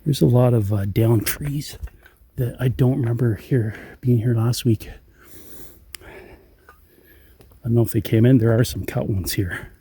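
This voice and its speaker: A middle-aged man hosting a night walk through the woods, talking low and wary into a handheld recorder outdoors. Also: unhurried, long pauses, slightly rough, dry recording. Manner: low-key, hushed and wary. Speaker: channel host. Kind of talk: hushed night walk-and-talk.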